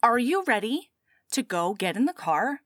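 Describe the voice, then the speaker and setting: A woman reading out a charming, protective male romance hero in a smooth, coaxing way, close to her own voice. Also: very high voice, big pitch swings, moderate pace, a bit bright, dry recording, exaggerated voice.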